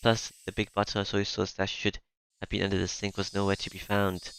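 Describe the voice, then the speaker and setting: A man reading a visual novel aloud in the first person, halting at times with fillers and restarts. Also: lowish voice, monotone, fairly bright tone, slight background noise.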